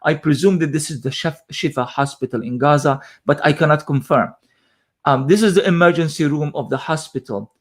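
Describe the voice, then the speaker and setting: A man with a fairly high voice commenting live on breaking news footage. He speaks with passion, stacks repeated phrases for emphasis, and often pauses on fillers. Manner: impassioned, repetitive emphasis with many fillers.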